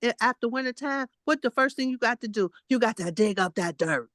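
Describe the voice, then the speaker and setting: A woman's voice: a little high, expressive, a little fast, fairly bright tone, no room sound. A woman in her late sixties giving a casual spiritual testimony, blunt and emphatic, repeating herself and fussing at her listeners. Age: 60s. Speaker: guest spiritual teacher.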